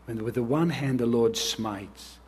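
A man's voice: medium pitch, unhurried, husky. A man preaching an earnest sermon as pastor, reading scripture and speaking directly to the children.

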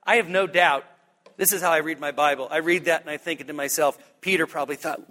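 A man preaching a sermon as pastor, animated and humorous, pushing his voice up to high emphatic peaks. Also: brisk. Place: church sanctuary. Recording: long reverb of a church hall.

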